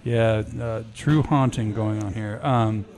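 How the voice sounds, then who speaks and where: A man's voice: lowish voice, slow pace, darkish tone. A man co-hosting a brewery podcast, chatting casually and running through upcoming events.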